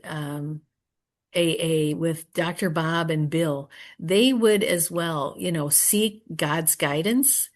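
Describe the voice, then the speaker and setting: A woman speaking at a recovery meeting, earnest and prayerful, often trailing off softly and pausing to search for words. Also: lowish voice. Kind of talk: personal share and Q&A answer.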